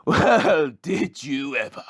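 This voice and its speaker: A man voicing a calm, knowing old male engine who teases the others in a measured, chuckling way. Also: medium pitch, breathy edge, exaggerated voice.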